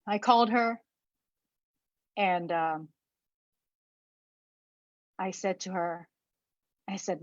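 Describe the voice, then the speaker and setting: A woman giving a personal talk, halting and repeating words, holding back tears. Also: mid-range voice, dry recording, lo-fi sound. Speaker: speaker.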